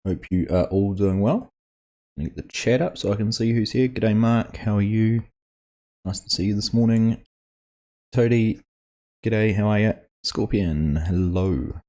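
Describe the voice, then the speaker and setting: A man's voice: on the low side, a little slow, dark tone. An Australian man hosting a live game stream, casually chatting and greeting viewers in chat by name as he plays. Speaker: gaming streamer host.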